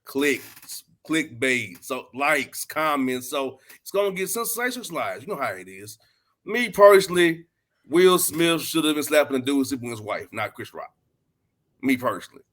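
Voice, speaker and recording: A man's voice: medium pitch, sing-song, moderate pace, a bit bright. A man from Atlanta, a podcast host talking as a guest in a casual chat, blunt and emphatic, with streetwise slang. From Atlanta, Georgia, US.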